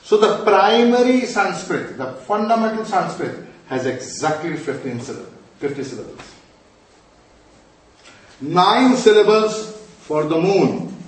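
A middle-aged man teaching a class, quizzing the students, answering his own questions and scolding them playfully. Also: sits high. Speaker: Sanskrit and mantra teacher. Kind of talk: classroom lecture. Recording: echoey room from far off.

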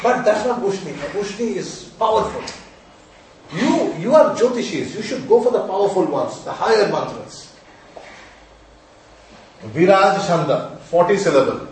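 A male astrology teacher with a high, slightly mellow voice speaks animatedly but at a measured pace, pausing often. He's emphatic, repeats key points, and quizzes his students to confirm they follow. There's a little hiss or hum, very echoey acoustics, and a far-off mic.

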